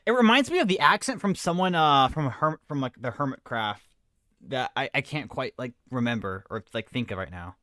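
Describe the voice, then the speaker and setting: Lively, excitable young-sounding streamer man. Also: mid-range voice, a little fast, dry recording, studio quality. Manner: excitable, rambling, with many restarts. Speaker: streamer reacting to a video. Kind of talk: casual livestream reaction.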